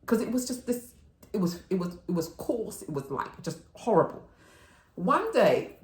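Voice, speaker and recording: A middle-aged woman telling rambling, animated stories in a chatty haul video, swearing and laughing freely. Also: mid-range voice, normal speed. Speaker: vlogger. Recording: roomy echo.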